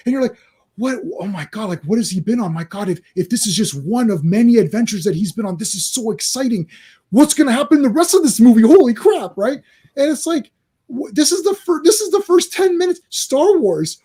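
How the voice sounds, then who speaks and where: A man's voice: very high-pitched, expressive, fairly quick, mellow, breathy edge. A man ranting in casual movie chat, acting out quoted reactions. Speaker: podcast co-host.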